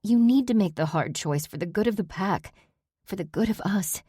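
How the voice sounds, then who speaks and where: A woman's voice: medium pitch, animated, moderate pace, dark tone, slightly rough, no echo, clean studio sound, pitched above the performer's own voice. A woman voicing a young female wolf shifter who pleads and persuades in an urgent, coaxing way.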